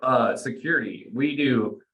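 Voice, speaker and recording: A man's voice: medium pitch, unhurried, low-quality recording. A man working in home security, casually telling client stories on a panel with loose fillers. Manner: casual, relaxed storyteller with fillers. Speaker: home security sales guest. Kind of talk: panel conversation.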